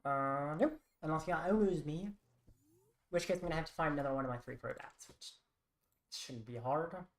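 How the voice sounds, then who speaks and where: A woman streaming a card game who mutters her plays aloud in a wry, thinking-out-loud manner. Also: low voice, normal speed. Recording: roomy echo.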